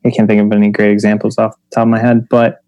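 Low-voiced self-deprecating comedian. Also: male voice, rapid-fire, no room sound. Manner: relaxed, hesitant, self-deprecating. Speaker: stand-up comedian. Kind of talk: casual chat about comedy craft.

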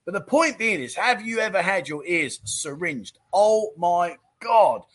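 A chatty, jokey middle-aged man keeps calling people "mate" as he reads out viewer comments on his livestream. His voice sits fairly high for a man. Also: animated, measured pace, fairly bright tone. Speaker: livestream chat show host. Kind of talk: casual chat reading viewer comments.

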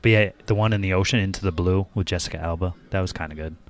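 A young man with a very deep, low-pitched voice, talking loosely and jokingly. He keeps it relaxed and chatty, like a friend on the couch. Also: very fast, a little hiss or hum. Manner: laid-back, joking, chatty. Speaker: co-host watching a film. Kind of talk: casual chat.

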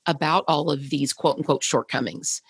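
A woman who leads a women's ministry shares her testimony in a husky, fairly low voice. She talks earnestly and from the heart, often restarting her sentences, and the recording is close and dry. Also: normal speed, no echo. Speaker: podcast guest, women's ministry leader. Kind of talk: personal testimony in conversation.

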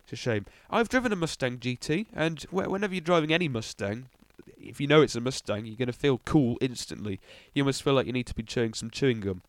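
A man's voice: mid-range voice, lively intonation, quick pace, hardly any pauses, dry recording. A young man hosting a casual car news podcast, rambling with ums and little asides. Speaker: podcast host.

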